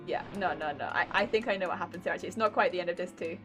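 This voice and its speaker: A woman's voice: lowish voice, very fast, hardly any pauses, fairly bright tone, husky, faint music behind. A woman chatting casually while streaming a game, giggly and talkative, greeting viewers as she plays. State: recovering from a migraine. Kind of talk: casual gaming stream chat.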